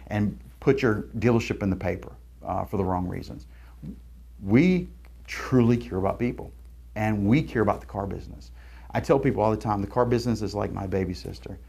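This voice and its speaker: A man's voice: lowish voice, fairly quick, creaky, a little mellow, breathy edge. A man telling a heartfelt story about hiring while promoting his recruiting firm. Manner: earnest, storytelling, repeats words. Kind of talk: promotional talk to camera.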